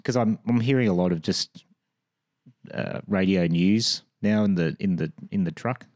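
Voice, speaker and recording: A man co-hosting a podcast, telling things in a halting, hesitant casual way. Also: low voice, a little mellow, dry recording, clean studio sound. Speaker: podcast co-host. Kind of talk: casual conversation.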